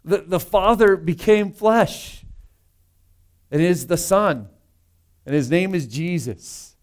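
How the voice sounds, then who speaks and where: A pastor preaching a sermon in a conversational, emphatic way, full of rhetorical asides. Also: male voice, high voice, slow pace.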